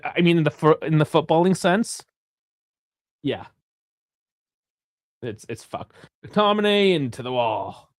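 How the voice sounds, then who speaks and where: Excitable man calling a live match. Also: a little high, unhurried, pauses often, dry recording, clean studio sound. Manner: excitable, swears often, bursts into shouts at chances; chatty, rambling with restarts. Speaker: live stream host. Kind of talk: live football watch-along commentary.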